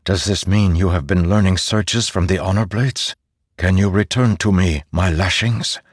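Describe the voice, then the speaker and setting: A man voicing a calm, solemn male swordsman in an audiobook, speaking quietly and measured. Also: low-pitched, husky, no room sound, studio quality.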